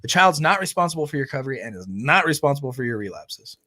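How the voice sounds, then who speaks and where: A man in mid pitch co-hosts a relaxed talk show about family recovery. He keeps things conversational, checking in with his listeners by ending points on a questioning "right?". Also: fast. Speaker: co-host of a family recovery channel. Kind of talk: casual chat.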